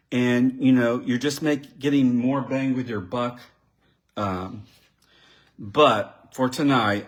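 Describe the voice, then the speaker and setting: A man giving a live card-making demonstration, chatting and thinking aloud as he works and talking directly to his viewers. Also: lowish voice. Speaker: crafting demonstrator.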